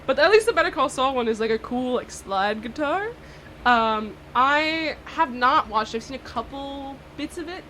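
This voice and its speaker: A woman's voice: high-pitched, lively intonation, moderate pace, pushed and bright, slight background noise. A woman in her twenties hosting a radio show, chatting casually between songs with a rambling, laugh-prone manner full of fillers and restarts. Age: 20s.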